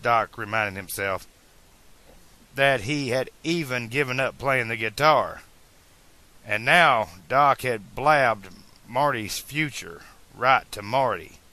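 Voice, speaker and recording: Bright-voiced man reading an audiobook. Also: medium pitch. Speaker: audiobook narrator. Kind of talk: amateur audiobook narration.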